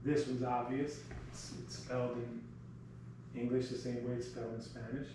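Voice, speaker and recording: A man teaching a Spanish class, patiently explaining and sounding words out slowly in a classroom, picked up by a camera mic at a distance. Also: medium pitch, level tone, background noise. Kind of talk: classroom demo lesson. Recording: very echoey classroom, from the mic, music behind.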